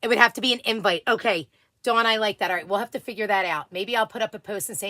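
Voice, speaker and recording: A woman's voice: medium pitch, quick pace, no echo. A middle-aged woman hosting a casual livestream, chatting and reading viewer comments aloud. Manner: chatty, reads viewer comments aloud, warm thanks and apologies. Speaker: livestream host.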